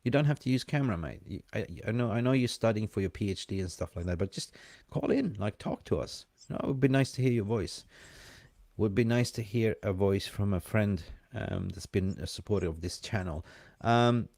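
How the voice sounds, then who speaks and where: Male live-stream co-host, mixed accent with an Aussie hint, excitable and chatty, lowish voice, dry close sound. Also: a little fast, vocal fry, no room sound. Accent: mixed, hint of Australian. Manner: chatty, excitable, banter with viewers in chat. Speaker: fan channel co-host. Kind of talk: casual live-stream chat.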